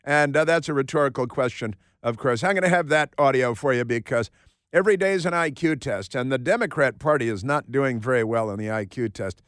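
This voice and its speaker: A man's voice: mid-range voice, a little fast, fairly bright tone, no room sound. A man hosting a talk radio show, delivering a mocking, sarcastic monologue with lots of repetition and asides from a studio. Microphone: studio microphone.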